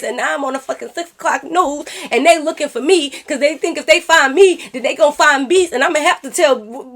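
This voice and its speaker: A young woman tells a storytime to her viewers, fired up and full of profanity. Her voice sits somewhat high and she keeps turning to her audience with asides. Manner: animated, profane, talks straight to viewers. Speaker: YouTuber telling a story. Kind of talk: casual storytime.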